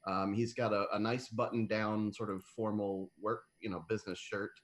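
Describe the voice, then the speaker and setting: A man with a fairly low voice describes his character at a tabletop game. He talks in a loose, halting way, full of fillers. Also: level tone. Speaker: player.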